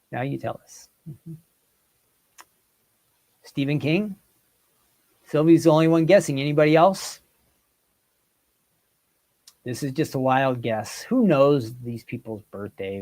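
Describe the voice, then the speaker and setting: A man's voice: mid-range voice, darkish tone. A man hosting a casual livestream quiz, reading out viewers' guesses and teasing them playfully. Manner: playful, reads out viewer comments and teases them. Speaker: livestream host.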